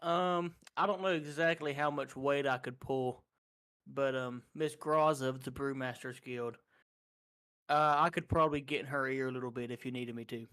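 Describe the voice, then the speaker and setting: A man's voice: medium pitch, steady tone, moderate pace, a bit bright, clear, resonant tone. Man, tabletop player, in-character paladin, hesitant, lots of ums. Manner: hesitant, many fillers. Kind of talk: tabletop role-play.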